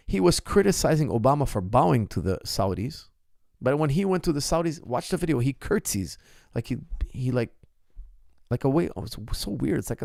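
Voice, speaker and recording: A middle-aged man, a martial arts coach, answers viewer questions in a casual solo talk. His voice is gravelly with a lot of vocal fry, recorded close and dry with no room sound. He speaks with force and hammers points home by repeating them. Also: medium pitch, darkish tone, dry recording. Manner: impassioned, emphatic repetition of phrases.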